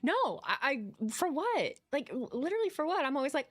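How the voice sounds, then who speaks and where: A woman co-hosting a podcast in casual conversation, with a fairly high voice. She talks emphatically, building into rants and swearing for effect. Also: sing-song, a little fast, few pauses. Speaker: podcast co-host. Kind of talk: casual chat.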